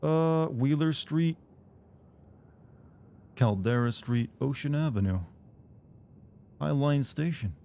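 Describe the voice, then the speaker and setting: A man's voice: on the high side, slow, gravelly, pauses often, warm tone. A man casually commenting as he plays a game on stream, rambling and cracking crude jokes to his chat.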